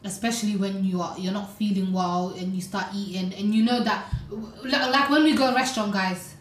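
A woman's voice: medium pitch, fairly even intonation, brisk, echoey room, slight background noise. A young woman chatting on a podcast, telling stories animatedly with lots of "like" and "you know". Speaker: podcast co-host. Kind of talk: casual podcast chat.

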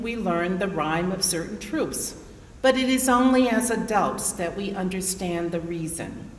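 Woman in her 60s, keynote speaker. Formal, lively address full of rhetorical questions, heard from afar in a big echoing hall. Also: medium pitch, slight background noise. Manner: rhetorical, poses questions to the audience. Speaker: keynote speaker, association president. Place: large conference hall. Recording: roomy reverberant hall, distant mic.

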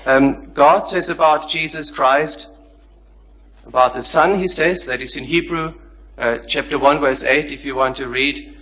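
Polite persistent questioner, slightly high, bright tone. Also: male voice, measured pace, low-quality recording. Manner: polite but persistent, quotes scripture. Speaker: audience questioner. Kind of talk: formal question from the floor.

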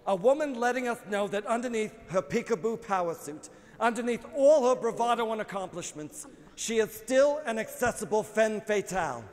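A man's voice: high voice, animated, normal speed, long reverb tail. A man doing a gushing New lady. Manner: effusive, fussy, peppered with Yiddish words. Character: gushing middle-aged female talk-show fan. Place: large arena stage. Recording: live arena sound with loud crowd.

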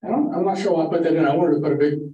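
A man's voice: fairly high pitch, racing, highs cut off. An older man giving a casual, rambling slide-show talk to a photography club in a library meeting room, with folksy stories. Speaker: guest photography presenter. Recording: echoey room from far off with faint hiss.

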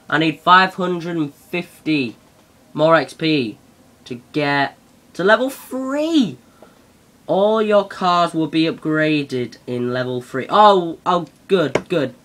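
Excitable young gamer, bright voice. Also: male voice, fairly high pitch, slow pace. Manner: excitable, yelps and shouts at the game. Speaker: gaming channel host. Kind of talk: let's-play commentary.

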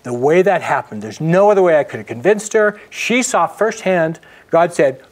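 A middle-aged man, a guest in an interview, earnestly telling a personal story and often dropping his voice to a hush. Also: fairly high pitch, animated, moderate pace. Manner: earnest, narrates with acted quotes and frequent hushed drops.

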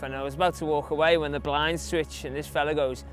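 With faint music behind him, a young adult long-distance runner from England talks fairly fast with few pauses, his fairly high voice barely shifting in pitch. Being interviewed, he shares anecdotes from his run in a chatty way, leaning heavily on fillers and speaking with an English accent.

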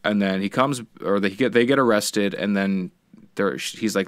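A man's voice: lowish voice, sing-song, moderate pace, a bit bright, no room sound. A man co-hosting a podcast, casually retelling a story with plenty of swearing and quoted voices. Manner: rambling storyteller, swears freely, acts out quotes. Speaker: podcast co-host. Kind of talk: casual chat.

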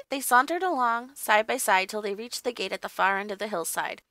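A woman reading a classic children's story aloud, in a gently expressive storytelling manner. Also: medium pitch, fairly quick, dry recording. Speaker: reader. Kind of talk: audiobook narration.

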